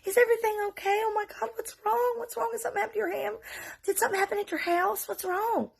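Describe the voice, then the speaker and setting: A woman's voice: very high-pitched, fairly even intonation, fast talker, creaky, pitched above the performer's own voice. A woman voicing a worried mother who fires off anxious questions.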